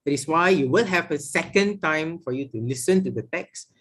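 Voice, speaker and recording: A middle-aged man with a Malaysian English accent gives a classroom lecture, his voice sitting a little on the high side. He explains step by step and keeps tying his points together with "okay" and "all right". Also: expressive, normal speed, a bit bright. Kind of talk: classroom lecture on exam listening skills.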